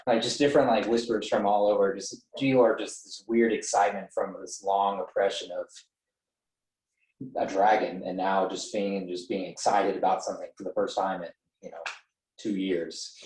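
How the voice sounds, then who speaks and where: A man's voice: deep voice, fairly even intonation, moderate pace, darkish tone, echoey room, rough recording. A man narrating a tabletop game as game master, loose and hesitant with many fillers.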